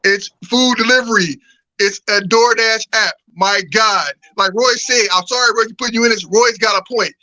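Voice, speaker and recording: Man, very high and sharp-toned, profane and exasperated, on a video call. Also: normal speed, rough recording. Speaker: guest on livestream. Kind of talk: heated casual debate.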